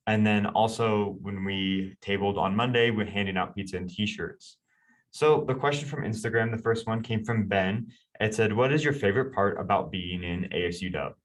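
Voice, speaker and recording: A man's voice: on the low side, far from the mic. A man co-hosting a student town hall, reading announcements in a hesitant, hedging way. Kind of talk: casual announcements.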